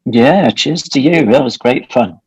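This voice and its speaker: A man's voice: medium pitch, animated, unhurried, slightly rough, dry recording, poor audio. A man guesting on an interview over a remote call, telling dry, wry anecdotes. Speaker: guest, tea company co-owner. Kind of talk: casual interview chat.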